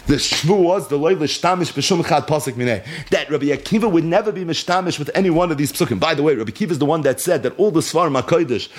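A man's voice: fairly high pitch, fast talker, few pauses. A man teaching a Torah class as a story, reading Aramaic lines aloud and translating each one, with rhetorical questions to his listeners. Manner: animated, reads Aramaic then translates line by line.

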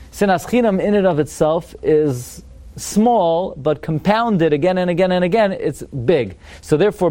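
Higher-voiced man teaching a Torah class. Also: a little mellow. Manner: quizzes students, chants verses slowly.

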